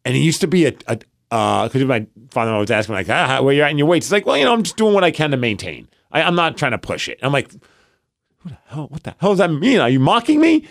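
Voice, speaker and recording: A man's voice: mid-range voice, fast, gravelly. A man in his thirties co-hosting a casual podcast, telling stories animatedly and poking fun at himself. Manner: animated storyteller, self-mocking, acts out his own inner thoughts. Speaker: podcast co-host. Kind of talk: casual chat.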